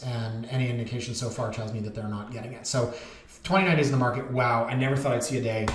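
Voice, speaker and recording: A man working as a real estate agent, chatting candidly and wandering off topic as he goes over listings. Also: medium pitch. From Canada. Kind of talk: casual market commentary over listings. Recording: echoey room with faint noise.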